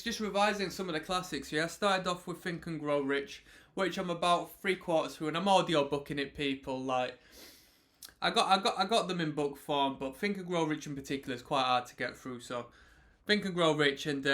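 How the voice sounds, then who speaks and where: A man with a fairly high, strained, bright voice hosts an album reaction, chatting casually over the track as it plays. He talks over the music and sings along, with the song audible in the background.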